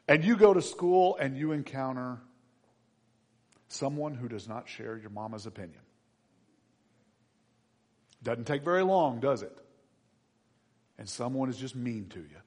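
A man preaching a children's sermon as pastor, swinging between hushed and loud emphasis. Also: mid-range voice, animated, a little slow, pauses often.

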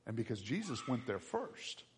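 A man preaching a sermon as a pastor, dramatic, dropping to a hush and then rising high and loud. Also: very animated, moderate pace, a little hiss or hum. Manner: dramatic, swings from hushed to shouting. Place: church. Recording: long reverb of a large hall.

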